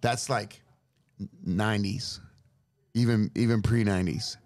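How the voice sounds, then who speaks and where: A middle-aged man from Los Angeles, a guest telling lively, profane stories about his father in casual chat. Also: lowish voice, measured pace. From Los Angeles, USA. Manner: profane, lively anecdotal storyteller. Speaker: interview guest. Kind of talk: casual storytelling.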